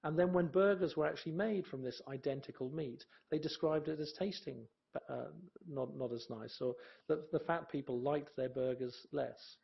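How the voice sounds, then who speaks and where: A man's voice: fairly high pitch, normal speed, gravelly, muffled recording. A man giving a presentation talk in a conversational way, with fillers and restarts.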